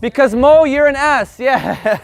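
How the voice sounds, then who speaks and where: A man teaching a live group Spanish lesson in an energetic, joking, profane way. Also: very high voice, measured pace, creaky, slight background noise.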